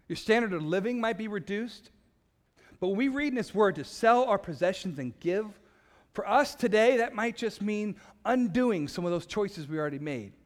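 Pastor guy preaching, high voice swinging all over, big echoey church hall. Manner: emphatic preaching with dramatic pauses. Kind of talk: sermon.

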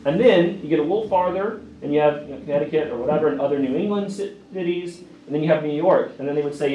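A man from Virginia with a Southern accent, giving a lively classroom lecture and asking his audience questions. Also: a little high, fast talker. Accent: Southern US, Appalachian Virginia. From Grayson County, Virginia, USA. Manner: energetic, asks the audience questions often. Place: lecture room. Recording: echoey room, mic from a distance.

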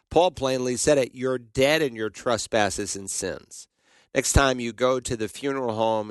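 A man teaching the Bible on a call-in radio show, answering a caller in a measured, explanatory way and quoting scripture. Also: medium pitch, dry recording.

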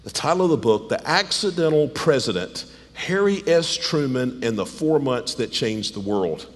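A slightly hoarse man preaching a sermon, rising to high, emphatic stresses and dropping low and quiet. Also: lively intonation, normal speed. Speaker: pastor. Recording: long hall reverb.

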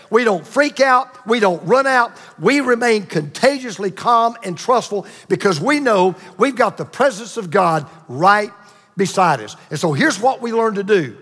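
A man preaching a sermon with emphatic repetition and dramatic pauses. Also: high-pitched, a bit bright, long reverb tail. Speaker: pastor.

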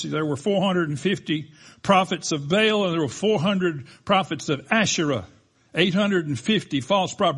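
A man preaching a sermon as a pastor, telling the story with animated delivery and acting out the quoted lines. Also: fairly high pitch, moderate pace, husky.

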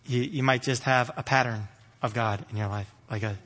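A man preaching a sermon with energy, rising loud and high when animated. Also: moderate pace, big-room sound. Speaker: pastor.

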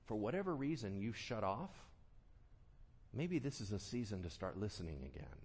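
Animated preaching man, lively pitch. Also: normal speed, husky. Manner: animated, swings from quiet to loud, acts out quoted voices. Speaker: pastor. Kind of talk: sermon.

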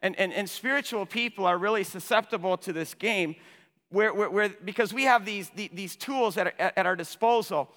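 A man delivering a sermon, pitched a little high and bright in tone. He swings from loud, urgent passages to hushed ones, often repeating a word before pushing on. His voice carries a long reverb, as in a large hall. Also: normal speed. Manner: impassioned, repeats words when starting phrases, swings from loud to hushed. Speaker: pastor.

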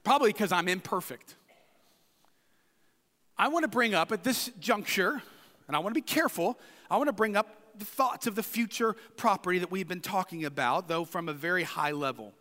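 A man's voice: high voice, animated, normal speed, bright, forceful tone. A man preaching a sermon as pastor, emphatic and repeating phrases for emphasis. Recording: long hall reverb.

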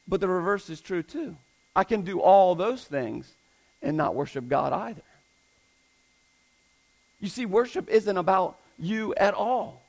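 A male pastor preaching in a high-pitched voice with a gravelly edge. He drives his points home emphatically, repeating key phrases and asking the congregation pointed questions. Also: animated, a little slow, pauses often, darkish tone, poor audio. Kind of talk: sermon.

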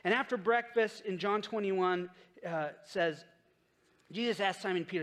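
A man with a fairly high voice gives a sermon in a relaxed, conversational way. He tells the story and acts out the lines of the people in it. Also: moderate pace. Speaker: pastor.

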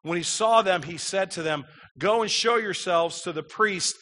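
A man's voice: sits high, moderate pace, pushed and bright. A man preaching a sermon, reading scripture aloud and explaining it, his voice rising with emphasis.

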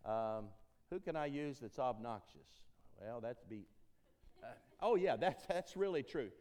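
A man from Tennessee talks to a church congregation about finding a new preacher. He speaks in a folksy, joking way and drives his points home by repeating key phrases. His voice sits at an ordinary middle pitch. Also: expressive, measured pace, a little mellow. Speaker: interim ministry consultant. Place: church sanctuary.

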